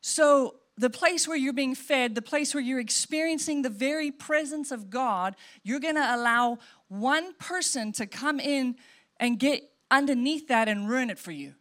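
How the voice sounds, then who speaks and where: High-voiced woman pastor preaching. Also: measured pace. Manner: expressive, swings between soft and emphatic. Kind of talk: sermon.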